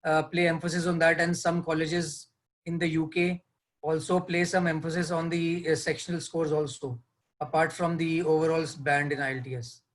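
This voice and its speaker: A man answering as an admissions counselor in a live webinar, hesitant with many fillers. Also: a little high. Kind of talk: webinar discussion.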